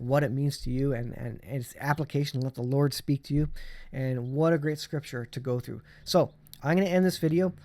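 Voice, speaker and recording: A man's voice: on the high side, a little mellow. A middle-aged man hosting his own channel, talking earnestly about faith and the end times with many fillers and restarts. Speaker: channel host. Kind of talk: casual religious commentary vlog.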